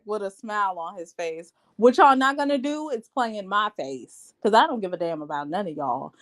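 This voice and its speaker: A woman's voice: medium pitch, animated, moderate pace, few pauses. A woman hosting a reality TV recap in a casual, sassy, blunt rant. She talks straight to her viewers and calls them babe and child.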